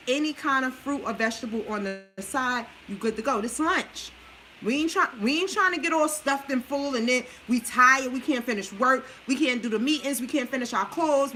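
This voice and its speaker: A woman's voice: a little high, bright, forceful tone, a little hiss or hum, poor audio. A busy mom chatting through a meal plan while she cooks, coaching her viewers in a casual, chatty way. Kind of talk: casual cooking livestream.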